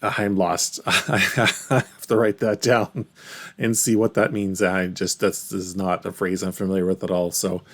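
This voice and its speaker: A man with a low, gravelly voice talks through a reaction video at an easy pace. He muses out loud, pausing often with ums and restarts. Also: level tone. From Canada. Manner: thoughtful, hesitant, many fillers and restarts. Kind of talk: casual reaction commentary.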